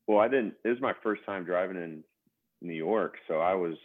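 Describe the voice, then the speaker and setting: A young adult man, a former pro basketball player, telling stories as a guest in a relaxed casual podcast interview, over a tinny phone-like line. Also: low voice, normal speed, dry recording. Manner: relaxed storytelling with fillers.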